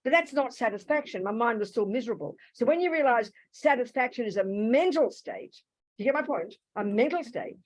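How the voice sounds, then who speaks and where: A woman's voice: on the high side, lively intonation, brisk, low-quality recording. Aussie woman teaching buddhism, blunt, calls everyone darling, holds the mic. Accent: Australian. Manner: blunt, direct, calls people sweetheart and darling. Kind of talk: teaching a live Q&A session. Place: meditation hall with an audience. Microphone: handheld microphone.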